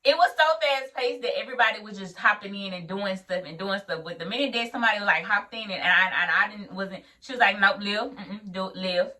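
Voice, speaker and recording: A woman's voice: mid-range voice, fast, few pauses, bright, forceful tone, distant mic. A young woman vlogging casually about her first week as a nurse, laughing and acting out dialogue as she tells the story. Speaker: new-grad nurse vlogger.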